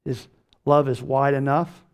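A man preaching a sermon, slowing down and leaning hard on key words. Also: mid-range voice, flat delivery, clean tone. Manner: slow emphatic preaching, rising on key words. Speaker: pastor.

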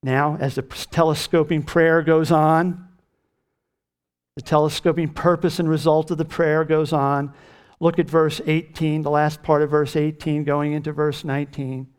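Guy preaching a sermon, kinda high voice, slow and emphatic on the big words. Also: fairly even intonation. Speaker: pastor.

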